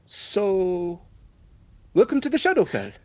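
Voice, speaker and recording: A man's voice: sits high, huge pitch swings, takes it slowly, heavy background noise, voice pushed up, full character voice. A man voicing an awkward young man forcing a smile to greet newcomers. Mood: forced cheer.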